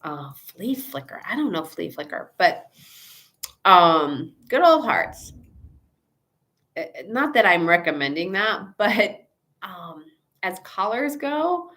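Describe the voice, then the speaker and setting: Chatty low-voiced woman vet host. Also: a bit bright. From Chicago area, USA. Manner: chatty and rambling, with fillers, asides and acted-out quotes. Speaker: veterinarian host of a live Q&A. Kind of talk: casual live Q&A chat.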